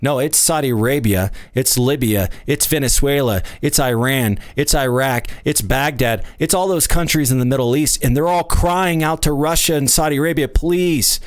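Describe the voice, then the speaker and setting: A man's voice: mid-range voice, moderate pace, hardly any pauses, dry recording. A man giving emphatic, unscripted market commentary, full of rhetorical questions and restarts. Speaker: oil investment company presenter.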